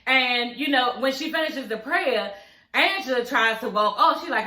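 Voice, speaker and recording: A woman's voice: a little high, normal speed. A young woman, casually recapping a TV episode and acting out the characters' lines as she goes. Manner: animated, acts out characters' lines while retelling. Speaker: TV episode reviewer. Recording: echoey room.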